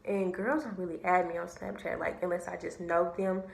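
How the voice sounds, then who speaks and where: A young woman telling a story to camera, animated and slangy, swearing freely. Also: lowish voice, moderate pace, vocal fry. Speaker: vlogger. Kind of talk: casual storytime. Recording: echoey room.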